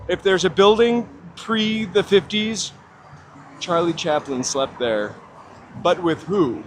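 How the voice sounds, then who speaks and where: Here a middle-aged man with a high-sitting voice speaks slowly as he live-streams a casual walk outdoors through downtown streets and tunnels. He jokes with his viewers at his own expense, with faint city traffic audible behind him.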